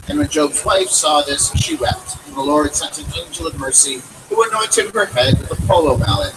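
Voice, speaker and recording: A man reading a comic story aloud at a read-in with a dry storytelling delivery, on a distant mic with loud background noise. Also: a little high, big pitch swings, normal speed, few pauses. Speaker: reader at a read-in.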